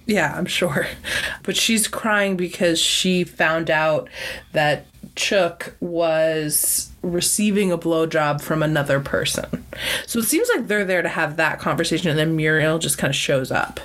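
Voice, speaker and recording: A woman's voice: low-pitched, unhurried, fairly bright tone. A woman co-hosting a podcast, talking casually and sarcastically, laughing often. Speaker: podcast co-host. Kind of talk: casual chat.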